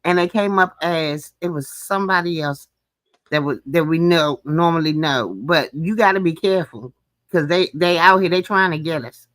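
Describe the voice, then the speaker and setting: A panelist in a casual online chat earnestly recalls details. The voice is bright and tense, recorded dry and close. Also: medium pitch, normal speed, dry recording.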